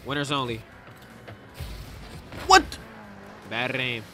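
A young man streaming a game, chatting casually and yelling at his teammates. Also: mid-range voice, huge pitch swings, takes it slowly, over music. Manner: trash-talking, breaks into loud yelling at teammates. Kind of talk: casual gameplay commentary.

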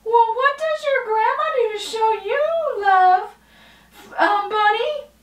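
Woman doing a high squeaky little girl, fast and curious, kind puppet, echoey room. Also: recorded from a distance. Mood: caring. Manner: squeaky and fast, asks lots of questions. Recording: roomy echo.

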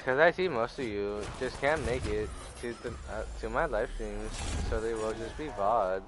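A man's voice: lowish voice, moderate pace, background noise. A young man streaming a game live, chatting loosely and swearing a lot as he talks to his viewers. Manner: profane, loose and jokey, talking to chat. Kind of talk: casual live-stream gaming chat.

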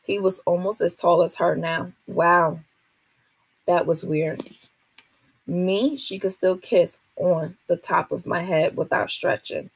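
A woman, a teacher, reading a children's novel aloud to a class in a steady, expressive way. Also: on the low side, takes it slowly, vocal fry, husky, no echo.

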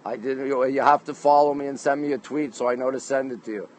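A chatty man hosting a livestream outdoors on a rooftop at night, speaking into a phone held at arm's length. He greets one viewer after another by the name of their town or country and answers their comments in a friendly, upbeat way. His voice sits at an ordinary middle pitch for a man. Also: steady tone, fast, darkish tone, low-quality recording. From Canada. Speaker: livestream host.

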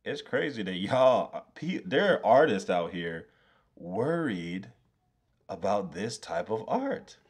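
A man's voice: fairly low pitch, big pitch swings, slow, husky. A man live-streaming his design work, talking to himself as he goes, swearing freely and laughing when things go wrong. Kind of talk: casual live-stream commentary.

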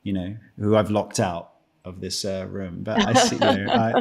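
A man's voice: lowish voice, huge pitch swings, normal speed, gravelly, breathy edge. A man with a British accent chatting as a guest actor in a podcast from a room at home, joking dryly at his own expense and rambling through restarted sentences. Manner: dry self-mocking joker, chuckles often. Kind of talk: casual podcast chat.

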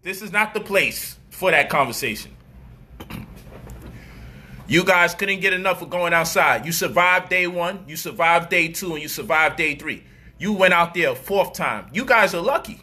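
A man delivering an animated, profane street-style commentary monologue, mocking people and acting out their voices. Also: high-pitched, moderate pace.

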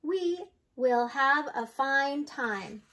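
An easygoing, fun-loving grandmother calls out in a high, breezy, carefree voice, as an older woman reading a storybook puts her on. Nothing ever worries her. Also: lively intonation, extremely slow, fairly bright tone, heavily acted.

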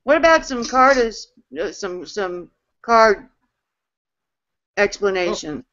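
A person with a mid-pitched voice hosts a live video-call Q&A. They keep things moving with brief, amused prompts and questions. The audio comes through muffled and lo-fi. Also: sing-song, slow pace, fairly bright tone. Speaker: interviewer. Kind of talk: casual interview chat. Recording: dull lo-fi stream audio.

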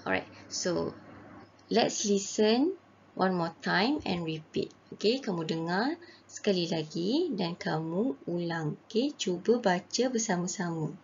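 A Malaysian woman teaching a primary school English lesson, slowly reading a story and translating each line, in a patient way. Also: lowish voice, animated, muffled recording, slight background noise. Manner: slow, patient, translates each line and reads quotes brightly.

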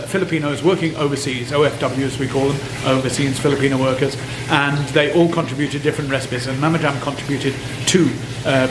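A British man in his sixties hosting a cooking vlog, talking casually and excitedly to his viewers. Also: fairly high pitch. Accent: British English. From Britain. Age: 60s. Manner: chatty, excitable, rambling. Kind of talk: casual chat to camera. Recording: echoey room with noticeable background noise.

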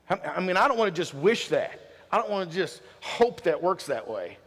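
High-pitched guy preaching a sermon, keeps asking the crowd questions, big echoey church hall. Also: normal speed. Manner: lively, preachy delivery with repeated rhetorical questions to the congregation. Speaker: pastor. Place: church sanctuary. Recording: long hall reverb in a church.

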